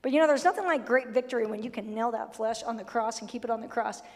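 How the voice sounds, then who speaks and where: A woman's voice: on the high side, fast talker, big-room sound. A woman pastor preaching a sermon, emphatic, blunt and humorous, sometimes acting out the voices she quotes. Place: church sanctuary.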